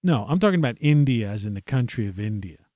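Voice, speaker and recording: A man's voice: medium pitch, expressive, quick pace, mellow, no room sound. A man from the United States, hosting his own show, delivering an angry, rambling monologue full of swearing and fillers. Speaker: podcast host. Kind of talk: profane ranting monologue.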